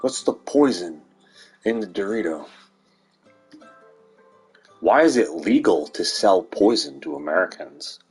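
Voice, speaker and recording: A man's voice: low voice, animated, measured pace, long pauses, husky, soft background music. A man rambling to viewers in a sardonic monologue, swearing and laughing at his own jokes. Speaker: vlogger.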